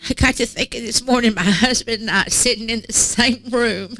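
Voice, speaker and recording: A woman's voice: on the high side, normal speed, bright, forceful tone, no room sound. A middle-aged woman preaching a sermon in a church, emphatic and repetitive in cadence, tearful at times. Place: church sanctuary.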